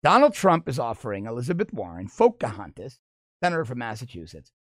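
Talking fast at a medium pitch, a man gives an opinion monologue as a political commentator, full of animated mockery and frequent laughter. There's no echo.

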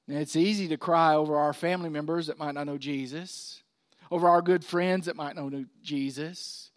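Man, preacher, high voice, rising to loud stress then dropping to a hush. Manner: preaching with sudden swings from loud emphasis to hushed. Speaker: pastor. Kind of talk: sermon.

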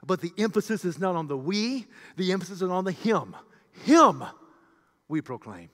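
A man preaching a sermon with passion, swinging from shouted peaks to hushed low passages. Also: animated, brisk, in a large hall.

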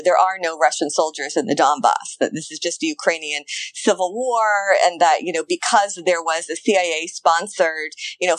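A woman intellectual historian in a conversational interview, animated and quick, repeating words as she talks. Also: fairly low pitch, dry recording, poor audio.

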